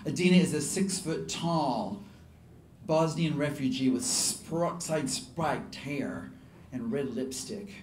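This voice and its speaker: A fairly high-voiced man with a Southern US accent tells a comic personal story on stage with lively energy. His voice rings out in an echoey hall. A faint room hum sits beneath it. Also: slow pace. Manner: animated and comic, laughing through lines. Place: live storytelling show venue.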